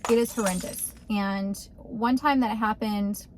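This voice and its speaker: A woman's voice: medium pitch, fairly even intonation, measured pace, a little hiss or hum. Chatty woman. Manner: chatty, exasperated. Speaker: vlogger. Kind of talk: casual vlog. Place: outdoors beside her car.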